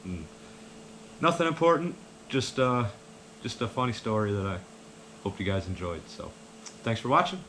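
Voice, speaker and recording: A man's voice: fairly low pitch, animated, moderate pace, pauses often, noisy background. Rambling, easygoing man telling a story. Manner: rambling, filler-heavy, easygoing. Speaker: vlogger. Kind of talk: casual storytelling.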